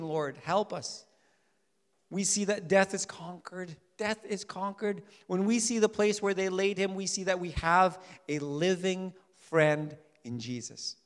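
Guy pastor preaching in a church, goes loud then real soft, echoey sanctuary. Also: high voice. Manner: emphatic preacher, swings from loud declarations to soft urging. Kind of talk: sermon. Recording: long hall reverb.

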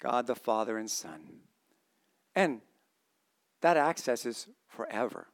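In a mid-range voice and at a slow pace, a pastor reads scripture aloud and quizzes the congregation during his sermon. His tone alternates between excited exclamations and quiet, earnest emphasis.

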